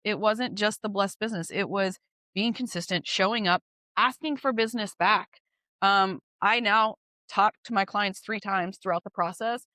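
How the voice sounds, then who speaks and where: A woman's voice: mid-range voice, moderate pace, pushed and bright, dry recording. A woman real estate agent chatting as an interview guest, candid and driven, laughing easily as she talks. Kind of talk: casual interview chat.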